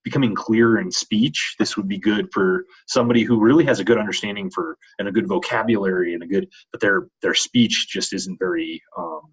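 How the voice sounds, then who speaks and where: A man's voice: on the low side, a little fast, hardly any pauses, slightly rough. A man teaching a course, introducing the week's reading in a hesitant way with many fillers. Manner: hesitant, many ums and restarts. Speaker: course instructor. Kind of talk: recorded weekly lecture intro. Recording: dull lo-fi recording.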